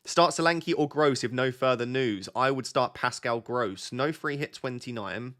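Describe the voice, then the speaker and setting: A man's voice: mid-range voice, normal speed, a bit bright. A young man chatting casually on a live stream, reading out viewer comments and drifting off on tangents. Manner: chatty, easily sidetracked, reads out chat messages. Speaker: fantasy football streamer.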